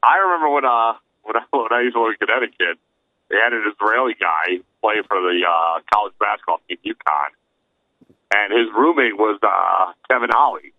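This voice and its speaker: A man's voice: fairly low pitch, a little fast, no room sound, narrow, tinny audio. A man co-hosting a podcast in casual chat, telling anecdotes in an easygoing way with fillers. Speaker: podcast co-host.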